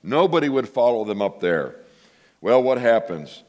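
A man preaches a sermon at a middle pitch. He tells the story with lively asides and speaks to his listeners directly. When he quotes the people in it, he acts their lines out. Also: normal speed. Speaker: pastor.

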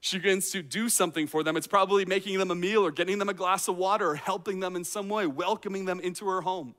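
A man's voice: high voice, steady tone, fast, fairly bright tone. A man, a teaching pastor, preaching a sermon in a conversational way, full of rhetorical questions and acted-out reactions. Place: outdoor courtyard.

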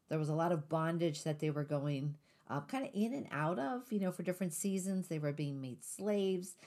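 A woman's voice: lowish voice, mellow. A woman hosting a Christian talk show, reflecting on her own story with light humor before turning to scripture teaching. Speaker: host. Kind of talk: faith-based podcast chat.

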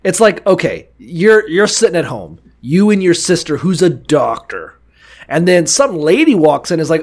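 Man, casual podcast banter, higher voice, very animated pitch, swears freely, jokey. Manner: profane, joking, acts out characters in quick asides. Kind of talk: casual comedic podcast banter about the Bible.

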